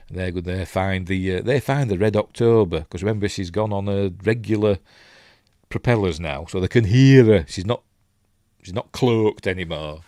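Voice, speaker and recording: A man's voice: on the low side, moderate pace, a little mellow, dry recording. Yorkshire man, film reviewer, rambling chat, dry close sound. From Yorkshire, England. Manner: rambling, lots of ums and asides. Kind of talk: casual chatty film breakdown.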